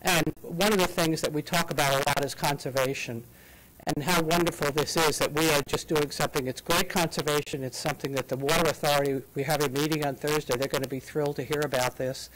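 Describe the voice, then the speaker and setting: A woman's voice: low voice, steady tone, fast talker, a bit bright, a little hiss or hum, low-quality recording. A woman giving a public comment at a city council meeting. She is out of breath and talks with enthusiasm and many fillers. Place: council chamber.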